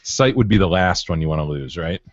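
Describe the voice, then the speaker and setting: A man's voice: deep voice, expressive, a little fast, faint music behind. A man co-hosting a podcast, wry in casual banter and given to mock-outraged outbursts. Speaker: podcast co-host. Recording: dull lo-fi dry sound.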